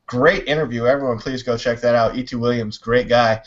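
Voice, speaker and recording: A man hosting a casual online talk show, telling stories with a loose, animated delivery and swearing freely. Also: medium pitch, fairly quick, lo-fi sound. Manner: animated storyteller, swears, mimics others. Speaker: podcast host. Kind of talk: casual chat.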